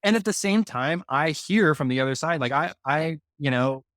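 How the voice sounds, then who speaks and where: A man's voice: fairly high pitch, expressive, moderate pace, fairly bright tone, no echo, clean studio sound. A man hosting a podcast, talking in an earnest, rambling way with many fillers. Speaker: podcast host. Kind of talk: casual podcast conversation.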